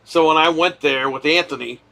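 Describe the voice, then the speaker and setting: A man chatting casually on a live stream, telling a profane, animated story. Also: on the high side, normal speed, gravelly.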